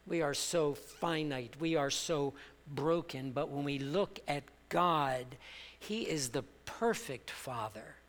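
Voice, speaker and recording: High, bright-voiced preacher with hall echo. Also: male voice, slow. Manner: impassioned preaching that swells from soft to loud; leads the congregation in call-and-response. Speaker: pastor. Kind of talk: sermon. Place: church sanctuary.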